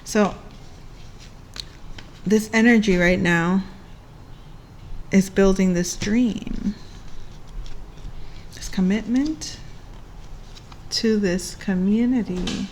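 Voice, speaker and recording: A woman's voice: mid-range voice, extremely slow, long pauses, a little mellow, a little hiss or hum. A woman giving a casual astrology reading, chatty and playful, breaking into laughs and bits of song. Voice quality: playful, chatty, laughs often and sings along. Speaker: astrology reader.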